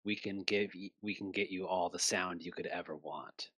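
Deep-voiced guy at a tabletop game, sharp forceful tone, dry mic. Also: fairly even intonation, moderate pace, no echo. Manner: forceful, interrogating in character. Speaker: player. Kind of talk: tabletop role-play.

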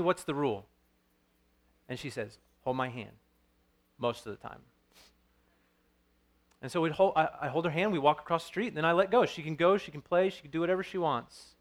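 A man in his thirties preaching a sermon as pastor, earnest and storytelling, with frequent restarts. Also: fairly high pitch.

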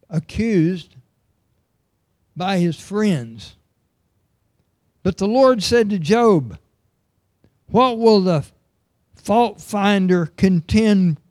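A man's voice: sits high, a little mellow, no room sound, clean studio sound. A middle-aged man preaching a sermon, earnest and emphatic, reading scripture aloud.

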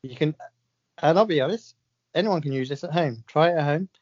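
A man's voice: on the high side, fairly quick, a little mellow. A man co-hosting a podcast in casual chat, dry and self-mocking, often chuckling. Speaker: podcast co-host. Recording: dull lo-fi podcast audio.

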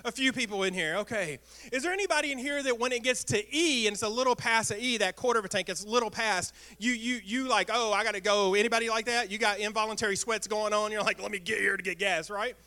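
A man preaching a sermon as pastor, talking in a lively way and asking the congregation questions. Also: sits high, fast talker, few pauses. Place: church sanctuary.

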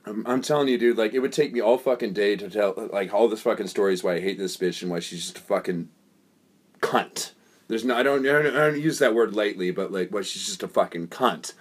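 A man's voice: fairly low pitch, brisk, husky. A man co-hosting a podcast, telling a long story in a casual, profane way and acting out the voices of the people in it. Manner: profane, animated, acts out quoted voices. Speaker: podcast co-host.

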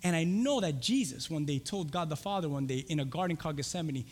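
A man preaching a sermon as pastor, swinging from loud, shouted lines to hushed whispers. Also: fairly high pitch, expressive, fast talker, hardly any pauses. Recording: long hall reverb.

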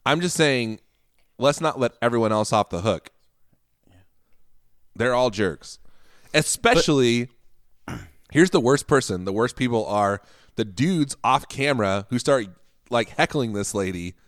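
Male podcast host, casual debater, animated delivery, dry studio sound. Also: mid-range voice, measured pace, pauses often, no room sound. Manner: argumentative, laughs often, acts out quotes. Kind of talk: casual chat.

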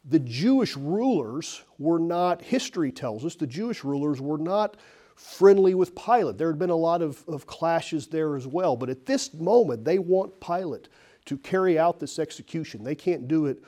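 A man's voice: on the high side, animated, moderate pace, warm tone. A man preaching a sermon as pastor, telling the story with emphatic, rising and falling delivery. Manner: emphatic storytelling, voice rises and falls.

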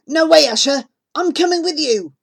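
A woman's voice: sits high, fairly quick, mellow, pitched above the performer's own voice. A woman reading the part of a stubborn, loyal young boy who insists fiercely on coming along, in an audiobook. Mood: insistent.

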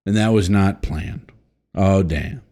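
Slow and deep-voiced, this man hosts a casual podcast where he reads out headlines and jokes crudely. His delivery swings from loud to mumbled.

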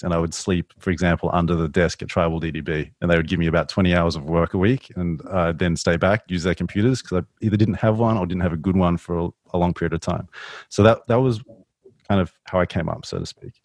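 A man with an Australian accent, a podcast guest telling stories in a mumbly, monotone way. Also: low-pitched, quick pace, no echo, clean studio sound. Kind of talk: casual podcast conversation.

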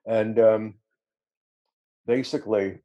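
The man's voice is on the low side and mellow, with fairly even intonation and a slow pace; the highs are cut off in the audio. A middle-aged musician guest, he rambles through self-deprecating anecdotes in a casual interview, laughing often.

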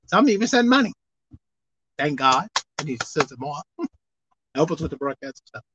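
A woman pastor preaching a sermon, dropping to low asides and rising to loud shouted exhortation, reading scripture slowly and deliberately. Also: sing-song, background noise. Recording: slightly dull, dry recording.

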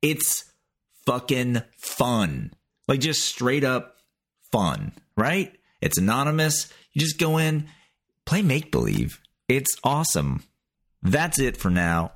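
Slow, husky male host signing off. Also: mid-range voice, sing-song, a bit bright. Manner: loose, profane, rambling. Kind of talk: casual sign-off monologue.

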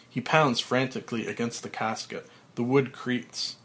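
A male podcaster with a medium-pitched voice reads a screenplay's stage directions aloud, slowly and flatly.

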